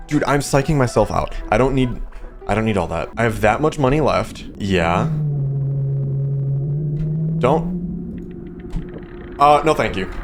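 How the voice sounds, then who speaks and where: Jokey nervous man doing gameplay commentary. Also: mid-range voice. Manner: jokey, nervous, chatty, calls characters bestie. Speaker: streamer.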